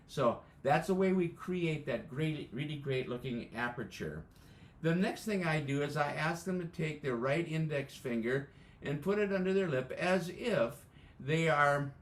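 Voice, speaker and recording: An American man with a fairly high voice walks band teachers through embouchure steps, methodical and full of small fillers. His voice comes over a video call from a room with a noticeable echo. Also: fairly bright tone. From United States. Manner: methodical, explaining step by step with frequent fillers. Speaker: band music educator. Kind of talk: instructional demonstration. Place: indoors, joining live by video. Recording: echoey room.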